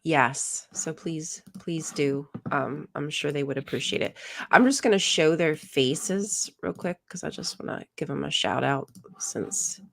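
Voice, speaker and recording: Casting: low-pitched woman, loose filler-heavy podcast chat. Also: a little slow, gravelly. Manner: chatty, frequent "like" and "um" fillers. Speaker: podcast co-host.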